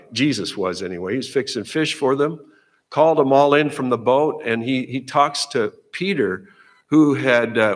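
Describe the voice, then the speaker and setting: A middle-aged man preaching in a church sanctuary, his voice trailing off into a long reverberant tail from the hall. He talks at a middle pitch and keeps a folksy, conversational manner, often restarting phrases. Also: a bit bright. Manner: conversational, folksy, repeats words as he goes. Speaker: pastor. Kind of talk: sermon.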